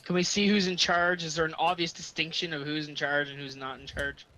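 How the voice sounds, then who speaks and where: A man with a fairly high, bright, sharp voice plays a tabletop game. He keeps pressing the game master with probing follow-up questions. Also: little pitch movement, a little fast, slight background noise, rough recording. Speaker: player. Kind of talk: casual tabletop game chat.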